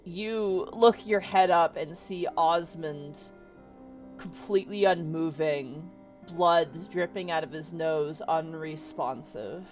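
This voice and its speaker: A woman's voice: sits low, takes it slowly, soft background music. A woman running a tabletop game as game master, narrating in a chatty way full of "kinda" and "like".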